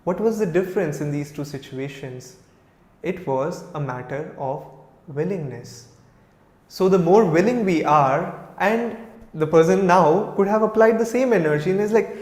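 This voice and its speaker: Indian monk guy in his 30s, fairly high voice, chatty storytelling, big ringing hall. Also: normal speed, darkish tone. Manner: storytelling, acts out quoted lines, many "you know" fillers. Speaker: monk giving a spiritual talk. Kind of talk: informal spiritual talk. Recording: echoey room with a long reverb.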